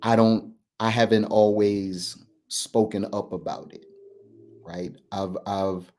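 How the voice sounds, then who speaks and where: A man's voice: on the low side, fairly even intonation, slow pace, a little mellow. A man, a men's coach hosting a candid talk, earnest and reflective, often restarting and checking in with "right?". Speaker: men's coach and podcast host.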